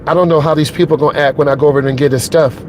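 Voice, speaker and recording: A man's voice: fairly high pitch, steady tone, very fast, background noise. A middle-aged man, a driving instructor, talking earnestly and emotionally to his viewers from inside his truck while driving, repeating his points and checking in with "okay?". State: emotionally shaken.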